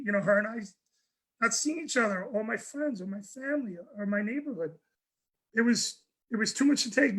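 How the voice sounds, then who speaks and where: High-voiced New man telling a story. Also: low-quality recording. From New York. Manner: animated, restarts and repeats words. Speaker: guest speaker. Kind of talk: personal storytelling on a panel.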